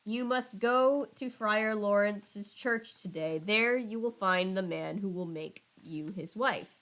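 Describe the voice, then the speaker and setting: A woman's voice: mid-range voice, slow pace, a bit bright. A woman voicing an old female nurse who complains about her aches and rambles. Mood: grumbling. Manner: moaning, sulky, rambling.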